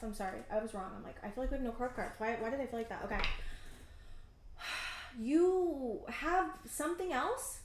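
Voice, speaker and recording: A woman in her thirties gives a pick-a-card tarot reading in a slightly high voice, rambling and halting with many fillers and restarts as she searches for meaning. She is earnest and emotionally intense, at times close to tears. The audio has a noticeable bare-room echo plus a little hiss or hum.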